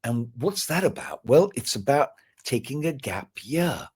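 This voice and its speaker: A man's voice: medium pitch, big pitch swings, a little slow, a little mellow, breathy edge. A man talking in a live stream conversation, earnest and motivational, often repeating words as he builds up. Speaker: guest speaker.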